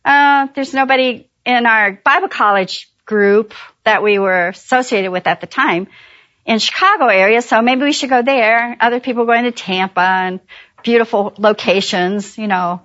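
A middle-aged woman and pastor's wife, telling a church audience about her ministry in a chatty, animated way and laughing at her own jokes. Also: fairly high pitch, normal speed, highs cut off. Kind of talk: warm personal testimony talk.

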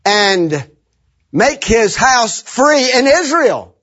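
Man, preacher, sermon, high husky voice, animated call-and-response, muffled lo-fi recording. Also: normal speed.

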